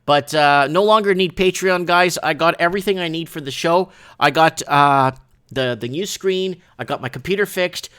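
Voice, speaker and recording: A man hosting a casual livestream from his shop, rambling and excitable, often restarting and asking "right?". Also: on the high side, moderate pace, clear, resonant tone. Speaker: livestream show host.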